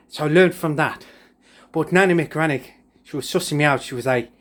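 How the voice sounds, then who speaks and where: A man's voice: on the high side, fairly quick. Rambling man telling a story. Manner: rambling, jokey, many fillers. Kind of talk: casual comic storytelling.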